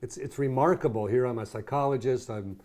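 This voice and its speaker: A man's voice: medium pitch, fairly quick, darkish tone. A psychologist in his sixties co-hosting a podcast, chatting casually and rambling through long analogies. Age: 60s. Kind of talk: casual conversational chat.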